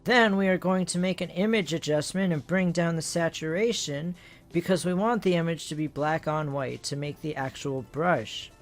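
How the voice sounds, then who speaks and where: A man's voice: on the high side, moderate pace, soft background music. A man hosting a casual art tutorial, joking and talking to himself as he works. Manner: playful, self-amused, talks to himself while working.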